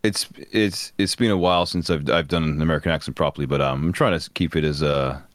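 A man's voice: a bass voice, quick pace, dry recording, studio quality. A young man, a voice actor, telling stories in a casual interview and laughing often as he acts out lines. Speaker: voice actor guest.

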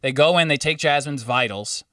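A man's voice: fairly high pitch, normal speed, sharp tone, clean tone, no room sound, studio quality, recorded from a distance. A man telling a story in casual, profane podcast chat. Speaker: podcast co-host.

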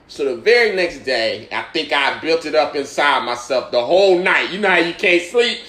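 Lively young man telling a story. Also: on the high side, normal speed, echoey room. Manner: animated storyteller, acts out voices in his stories. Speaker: comedian and podcast host. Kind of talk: casual storytelling chat.

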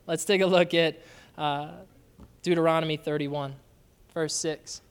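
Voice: medium pitch, steady tone, slow, clear, resonant tone. A pastor preaching a sermon in a casual, conversational way, often throwing questions out to the congregation. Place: church sanctuary. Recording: long reverb of a large church hall.

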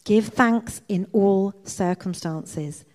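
A woman reading aloud as a devout young woman prisoner, bright, eager and calmly thankful. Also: medium pitch, unhurried, close to an everyday voice. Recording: long church reverb.

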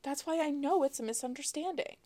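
A woman voicing a young woman who bluffs her way through questioning by an officer, in a higher, breathless, squeaky tone. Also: fairly quick, dark tone, dry recording, natural voice. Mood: bluffing.

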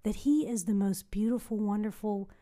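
A woman talks through a long story in a casual conversation. Her voice sits warm and mellow, at a middle pitch, and she fills her pauses with plenty of "um"s and small restarts. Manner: rambling storytelling with many fillers. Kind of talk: casual chat.

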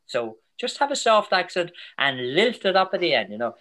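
An older Irish man, a soccer commentator, chatting as a guest in an interview in a chatty, storytelling way. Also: sits high. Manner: chatty storyteller, animated, quick asides. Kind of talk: casual interview chat.

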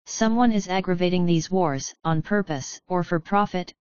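A woman voicing a young man, a wizard twin with wry, deadpan banter. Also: sits high, normal speed, clean tone, no echo, muffled recording, natural voice.

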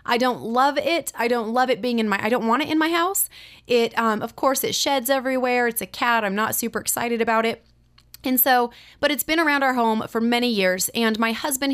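Animated woman telling a sermon story. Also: a little high. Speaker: Bible teacher.

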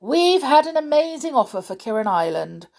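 A woman voicing a stern middle-aged father who talks in a brisk, lecturing way. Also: high voice, very animated, creaky, darkish tone, voice pushed up, exaggerated voice. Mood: brusque.

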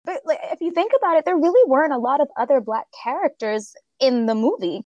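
A woman's voice: sits high, animated, fast, warm tone, no echo, highs cut off. A woman in a casual film discussion, talking animatedly, laughing often and filling with "like".

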